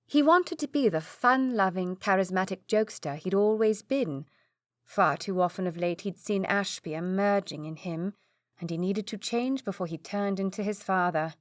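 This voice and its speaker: A woman narrating a historical romance audiobook with steady storytelling. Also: medium pitch, no echo, studio quality. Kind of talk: scripted narration.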